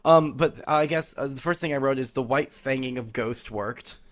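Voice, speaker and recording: A man's voice: medium pitch, moderate pace. A man co-hosting a casual book-club podcast, trading jokes and playful quips. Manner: joking banter with playful quips. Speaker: podcast co-host.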